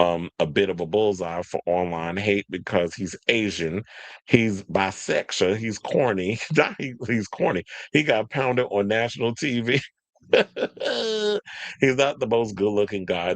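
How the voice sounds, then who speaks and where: A man hosting a casual commentary show, talking in an animated way and mocking others through quick impressions. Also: fairly low pitch, no echo. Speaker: podcast host.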